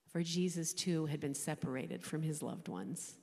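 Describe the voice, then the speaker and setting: A woman in her sixties, a chaplain, giving an emotional personal faith testimony, speaking haltingly and often dropping to a whisper. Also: sits low, fairly even intonation, gravelly, mellow. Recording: long hall reverb.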